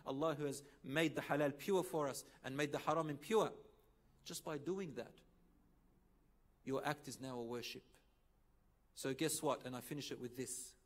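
A man delivering a sermon in English with Arabic phrases mixed in, telling stories and acting out the dialogue with sudden loud rises. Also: medium pitch, moderate pace, pauses often. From Lebanon. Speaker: preacher. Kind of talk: sermon with storytelling.

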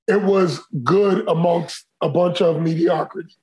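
A podcast co-host in casual chat, talking in an animated way with many restarts. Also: medium pitch, unhurried, a crowd in the background, poor audio.

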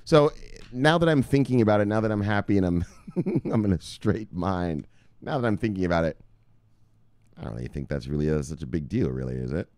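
A man's voice: low voice, brisk, a little mellow, dry recording. A man hosting a casual cryptocurrency vlog, talking in a boisterous, profane way full of street slang. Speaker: crypto news vlogger.

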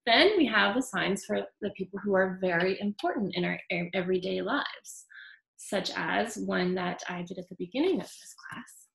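A woman teaching baby sign language at a storytime, chanting simple words in a gentle sing-song. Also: mid-range voice, normal speed, vocal fry, faint music behind. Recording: echoey room.

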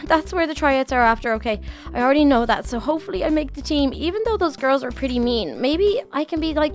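A woman with a high, fairly bright voice, hosting her channel, voices an eager and nervous young schoolgirl, gushing with exclamations as she talks to herself through a game roleplay.

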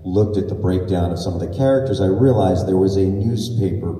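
A man's voice: deep voice, a little fast, mellow. A middle-aged man, a voice director, telling stories candidly on a convention panel. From Brooklyn, New York. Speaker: voice director and voice actor. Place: large convention hall. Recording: echoey convention hall from far off.

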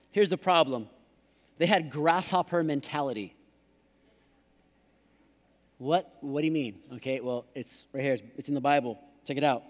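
A man preaching a lively sermon as pastor, joking and putting on voices to act out excuses. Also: a little high. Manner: playful, acts out excuses in put-on voices. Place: large church hall. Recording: live church hall reverb.

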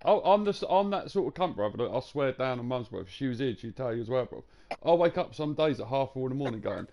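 Fast-talking, gravelly streamer man. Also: medium pitch, very animated, mellow. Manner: swearing, slangy, blunt. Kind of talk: casual chat on a live stream.

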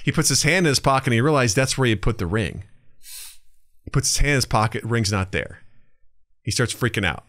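A man co-hosting a podcast, telling a shaggy-dog joke deadpan and acting out the characters with sudden shouts. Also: a little fast, long pauses. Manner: acts out characters with big pitch jumps and shouts. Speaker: podcast co-host.

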